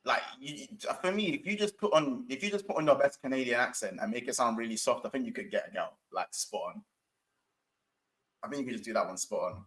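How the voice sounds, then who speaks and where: A young man in casual football chat, excitable and slangy, given to animated rants. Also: medium pitch, brisk.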